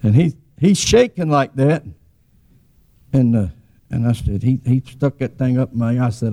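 A man's voice: mid-range voice, expressive, moderate pace, mellow. A man, preaching a sermon as a folksy, rambling story with frequent restarts.

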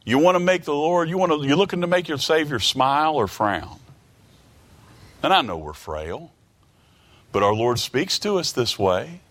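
A man's voice: a little high, animated, normal speed, a bit bright. A man preaching a sermon, reading scripture aloud and explaining it earnestly, often repeating words as he searches for the next phrase.

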